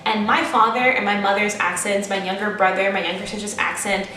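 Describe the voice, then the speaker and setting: Speaking fairly quickly with little pitch movement, this American woman in her twenties has a medium, pushed, bright voice picked up by a distant mic. She's a vlogger from the United States recounting a personal story to camera in a candid, chatty, self-deprecating way, in an echoey room with faint background music.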